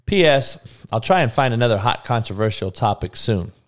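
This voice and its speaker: A man's voice: medium pitch, animated, brisk. A young man hosting a live sports podcast, talking bluntly and rambling, with lots of swearing. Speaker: podcast host.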